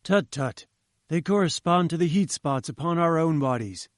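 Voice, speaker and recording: A man's voice: on the high side, animated, moderate pace, dry recording, studio quality, voice pushed up, lightly acted. A man voicing a pompous, patronizing older professor who lectures condescendingly in an audiobook reading. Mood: lecturing.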